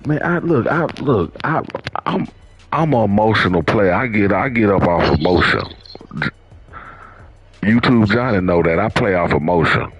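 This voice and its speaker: A man's voice: on the low side, animated, normal speed, breathy edge, muffled recording, faint music behind. A male video game streamer trash-talking rivals in game chat, boastful and teasing, repeating himself.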